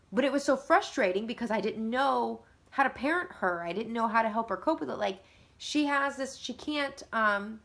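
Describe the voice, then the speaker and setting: A woman, likely in her thirties, talking earnestly and conversationally about parenting and getting help, with lively emphasis. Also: on the high side. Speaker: mother of two. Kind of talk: casual advice talk.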